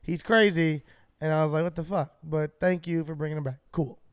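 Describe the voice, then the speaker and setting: Male podcast co-host, high clear voice, animated storyteller, dry close mic. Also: fairly quick, dry recording. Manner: animated, swearing, acts out his own shouts. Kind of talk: casual storytelling.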